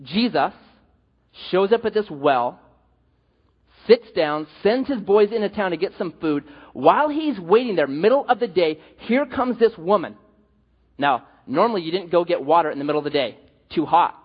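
A man's voice: sits high, expressive, normal speed, breathy edge. A male pastor preaching a sermon, telling stories animatedly with jokes, in an echoey hall with dull sound.

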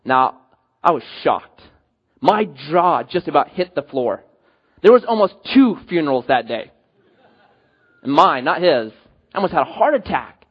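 Animated high-voiced male pastor preaching. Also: measured pace, pauses often, slightly rough, lo-fi sound. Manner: animated storytelling with jokes and acted-out quotes. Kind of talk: sermon.

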